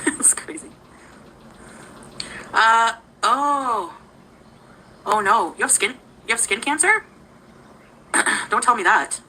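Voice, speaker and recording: A chatty woman on a livestream with a high, bright, bouncy voice. She greets viewers by name and giggles often. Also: expressive, takes it slowly, long pauses, a little hiss or hum, rough recording. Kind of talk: casual livestream chat.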